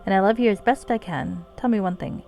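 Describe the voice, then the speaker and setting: A woman's voice: mid-range voice, a little fast, gravelly, a little mellow, faint music behind, close to an everyday voice. Woman reading as a solemn fallen paladin lady. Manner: formal, solemn courtly speech. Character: noble fallen paladin woman, earnest and sorrowful.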